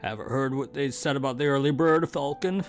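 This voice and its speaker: A man's voice: mid-range voice, a little fast, lightly acted. A young sparrow assistant keeps the boss on track with dry, matter-of-fact lines, read out by a man. The voice sits mid-range and unforced, with faint game music behind it.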